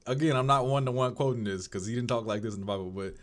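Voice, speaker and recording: A man's voice: medium pitch, fast talker. A man giving a rambling, conversational diary-style talk about his faith, often searching for his words. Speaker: video diarist. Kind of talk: casual reflective talk on faith.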